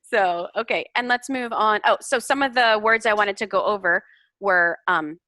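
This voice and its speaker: A woman's voice: mid-range voice, normal speed, pushed and bright, no echo. A woman giving patient, encouraging feedback as an English speaking tutor over a video call. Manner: encouraging, explains corrections patiently.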